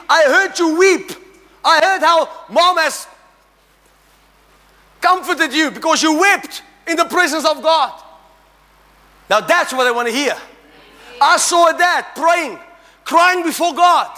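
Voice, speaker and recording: A middle-aged man preaching a sermon to a congregation, animated and humorous, rising to shouts and drawing call-and-response. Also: extremely high pitch. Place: church hall. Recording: church hall reverb.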